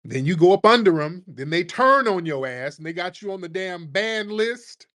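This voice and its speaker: A man from the United States hosting a comedic rant, with profane, animated, mocking storytelling. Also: sits high, normal speed. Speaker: host.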